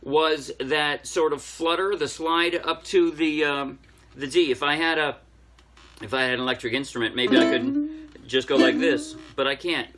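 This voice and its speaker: A ukulele teacher gives a casual lesson, walking through each step while he plays, with ukulele and soft music in the background. His voice sits a little high, with fairly even intonation, a fairly bright tone, and a normal speed.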